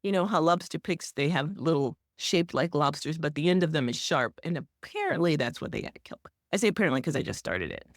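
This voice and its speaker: A woman's voice: deep voice, animated, quick pace, few pauses, no echo, studio quality. A woman co-hosting a podcast, chatting casually in a rambling, teasing way with lots of restarts. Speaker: podcast co-host. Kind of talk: casual chat.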